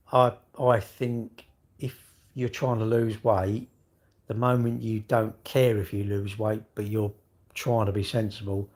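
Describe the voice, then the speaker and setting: Husky-voiced man chatting on a live stream. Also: lowish voice, a little mellow. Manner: rambling, chatty, greets viewers mid-thought. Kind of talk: casual live-stream chat.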